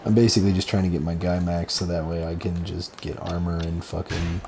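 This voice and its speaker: A man's voice: low voice, little pitch movement, a little fast, creaky, noisy background. A young man chatting casually with a friend while gaming, laid-back and swearing freely.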